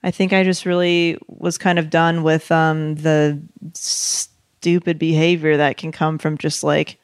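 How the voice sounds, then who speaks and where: A young woman chats on a podcast in a loose, rambling way, filling gaps with fillers and the odd swear word. Her voice is slightly hoarse yet still smooth. It sits close and dry on the mic. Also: deep voice, level tone, unhurried, no echo. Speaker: podcast co-host. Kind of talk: casual chat.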